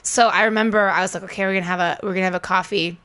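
Young woman comic chatting away, lots of "like"s, mid pitch, just talking. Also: steady tone, very fast, a bit bright, clear, resonant tone. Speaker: comedian. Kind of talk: casual chat.

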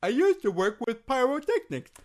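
A man voicing a deadpan, oblivious woman wrestler with a put-on Irish accent in a comedy podcast sketch. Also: very high-pitched, moderate pace. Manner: deadpan, flat delivery.

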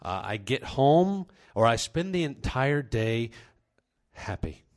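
A man's voice: medium pitch, big pitch swings, takes it slowly. Wry man telling a comic story. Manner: wry, self-deprecating.

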